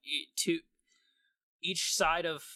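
Man co-host, bright, halting, keeps recapping the bit. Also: on the high side, fairly even intonation, dry recording, studio quality. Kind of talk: casual comedy chat.

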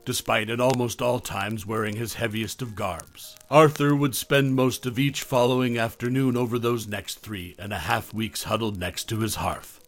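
A man reading a scripted horror story in a measured, dramatic way. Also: mid-range voice, fairly even intonation. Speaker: horror podcast narrator.

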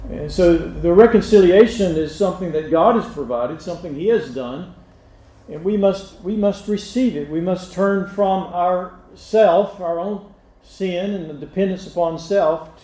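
A man's voice: on the high side, mellow, roomy sound, poor audio. A male pastor giving a sermon, speaking unhurriedly with frequent restarts and direct questions to the congregation. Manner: unhurried, halting delivery with many restarts and fillers.

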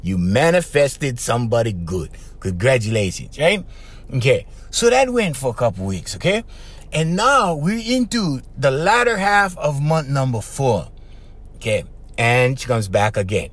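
A man's voice: a little high, very animated, unhurried, fairly bright tone. A middle-aged man, hosting a podcast and telling a client's story in a chatty way, checking in with "okay?" and "right?". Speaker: podcast host and life coach.

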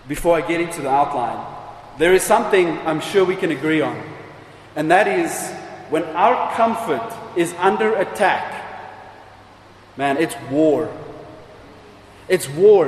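Emphatic preacher in an echoey hall. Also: male voice, a little high, expressive, measured pace, pauses often, a little hiss or hum. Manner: emphatic, rhetorical repetition and questions. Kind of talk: sermon. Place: church hall. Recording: echoey hall with faint ambience.

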